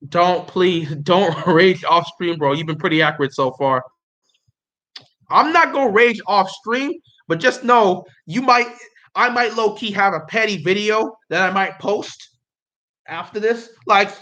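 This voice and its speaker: A young man livestreaming his reactions, chatting casually and getting excitable, pleading and repeating himself. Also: sits high, normal speed. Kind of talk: casual live reaction chat.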